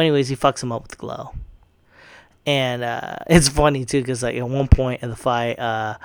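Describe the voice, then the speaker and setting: With no room sound behind him, a man speaks at a medium, creaky pitch as he retells a movie on his podcast. He's an adult with a young child, and his casual recap is profane and rambling, full of restarts and filler words.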